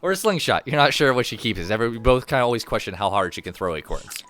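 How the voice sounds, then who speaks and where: Easygoing guy running a tabletop game, bouncy lively voice, playful. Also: medium pitch, quick pace, no echo. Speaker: game master.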